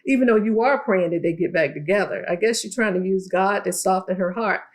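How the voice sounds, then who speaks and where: A sassy young woman gives a casual, animated recap of a TV episode. She calls her listeners "child" and "y'all". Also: mid-range voice, fairly quick. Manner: sassy, animated storytelling with playful quoted voices. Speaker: TV recap vlogger.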